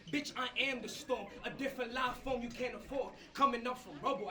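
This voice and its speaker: A man performing boastful, aggressive battle rap verses to a live crowd in an upper-floor campus venue. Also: very high-pitched. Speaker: battle rapper. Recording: distant mic with loud crowd.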